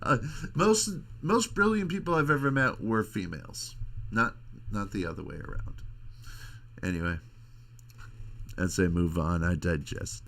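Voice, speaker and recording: Gravelly-voiced man rambling on his show. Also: on the low side, lively intonation, fairly bright tone. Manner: rambling, crude, halting with restarts. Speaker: podcast host. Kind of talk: casual monologue.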